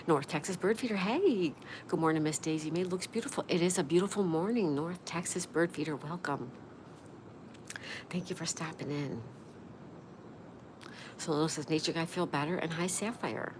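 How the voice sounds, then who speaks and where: A woman's voice: fairly low pitch, expressive, moderate pace, long pauses, noisy background. A woman hosting a casual livestream, reading viewers' comments aloud in a chatty, friendly manner. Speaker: livestream host reading chat.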